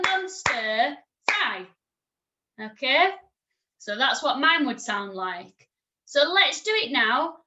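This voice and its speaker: A woman teaching a recorded music lesson to children, encouraging and clear, singing and chanting examples. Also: a little high, sharp tone.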